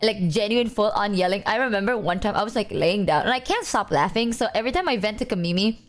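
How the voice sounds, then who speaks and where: A young woman streamer in casual chat, telling animated stories and acting out friends in exaggerated voices. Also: fast. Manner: animated storyteller, acts out friends in high voices. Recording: faint music underneath.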